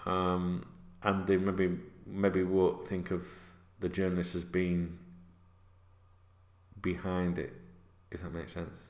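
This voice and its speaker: A man's voice: sits low, completely flat delivery, takes it slowly. A middle-aged man, rambling casually in a sweary, filler-heavy way while seated at home. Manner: chatty, sweary, with many fillers. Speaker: football vlogger. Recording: roomy echo.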